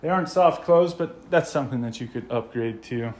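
A man's voice: medium pitch, a little fast, noisy background. An American man with a casual, enthusiastic manner, narrating a walkthrough of a model home as he films it. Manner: enthusiastic, gushing. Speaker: home tour vlogger.

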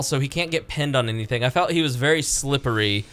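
Smooth-voiced man hosting a political podcast. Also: fast talker, fairly bright tone. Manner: sarcastic, mimics politicians in high voices. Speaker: podcast host. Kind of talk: casual political chat.

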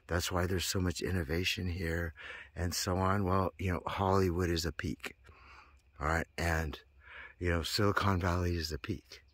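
A man's voice: sits low, flat delivery, normal speed, fairly bright tone, no echo. A man talking to his viewers in a meandering, tangential monologue, full of fillers and restarts. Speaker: vlogger.

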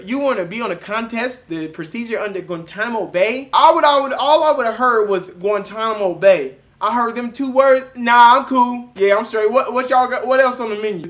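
A young man doing loud, mocking reaction commentary, cursing and breaking into shouting laughs. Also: high-pitched. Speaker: reaction video host.

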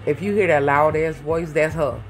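In her home garage, a woman with a deep voice talks casually into a phone held near her, speaking at a normal speed over soft background music. Easily sidetracked, she rambles and swears while calling her viewers "baby" and "y'all."

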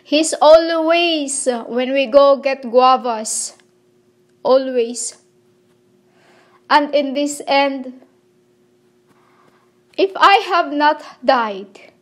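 A woman delivering a rambling spiritual monologue in halting, broken phrases, pleading with her listeners. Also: high-pitched. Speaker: self-proclaimed spiritual messenger.

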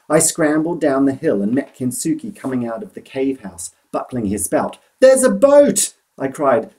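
A man reading a children's novel aloud in an expressive, animated storytelling manner. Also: medium pitch, low-quality recording.

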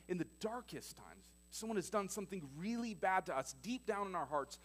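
A storytelling male pastor. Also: sits high. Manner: storytelling, loudness swinging between emphatic and hushed. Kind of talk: sermon. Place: church.

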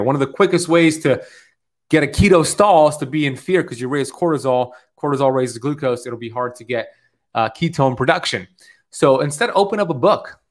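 A man in his thirties coaching on the keto diet, talking to camera in an upbeat, preachy way, often checking in with "okay?". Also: medium pitch. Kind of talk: motivational talk to camera.

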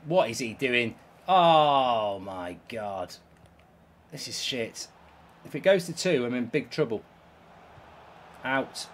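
Exasperated man, very animated. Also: mid-range voice, slow, long pauses. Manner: exasperated, swears often. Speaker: host. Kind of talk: video game commentary.

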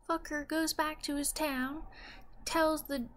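A woman with a Southern US accent telling a rambling mock-religious comedy story in a folksy, deadpan way. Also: high voice, unhurried.

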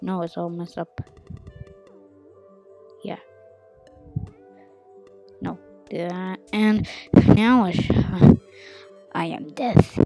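Excitable woman narrating her gameplay. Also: lowish voice, drawn-out words, pauses often, faint music behind. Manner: excitable, jumps from hushed mutters to loud outbursts. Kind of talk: casual game commentary.

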